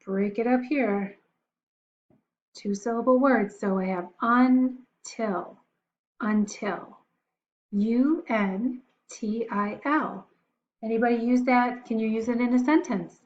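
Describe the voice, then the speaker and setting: A woman teacher walks young children through their spelling words, sounding out each one letter by letter in a patient, encouraging way. She speaks at an unhurried pace, and the recording has a dull, lo-fi sound. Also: a little high, steady tone, a little mellow.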